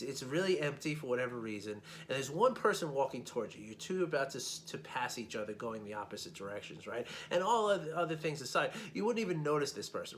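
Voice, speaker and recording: A male life coach at a medium pitch gives a loose, conversational talk, checking in with his listeners over and over and stumbling into repeated words. A faint hum sits behind his voice. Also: a bit bright. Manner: chatty, frequent "right?" check-ins, repeats words. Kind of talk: casual teaching talk.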